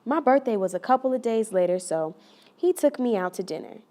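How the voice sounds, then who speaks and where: A woman performs a young woman pouring out the story of a painful relationship, hurt yet resolute. Her voice sits a little high, and she confides each detail in earnest, steady storytelling. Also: a little fast, natural voice. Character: young woman recounting a hurtful relationship, wounded but resolute. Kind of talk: dramatic monologue.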